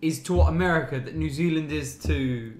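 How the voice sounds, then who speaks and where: A man's voice: fairly high pitch, brisk, echoey room. A man in a casual podcast chat, playful and self-deprecating.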